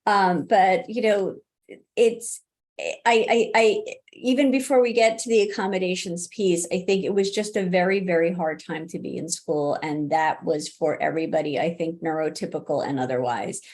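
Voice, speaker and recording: With a lowish, steady, slightly mellow voice at normal speed, a middle-aged woman answers an interviewer's questions about college disability services, her area of expertise. She chats with frequent restarts and fillers and laughs easily.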